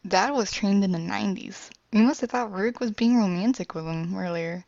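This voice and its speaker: A woman casually retelling her own animated story, rambling with fillers and self-corrections. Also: mid-range voice, brisk, gravelly, hardly any pauses, no room sound, lo-fi sound.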